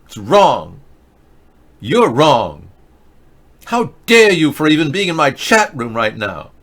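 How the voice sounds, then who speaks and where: A man mocking a scolding teenage girl activist in a high, shouting voice. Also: sing-song, takes it slowly, heavily acted. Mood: indignant. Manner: shouting, accusing.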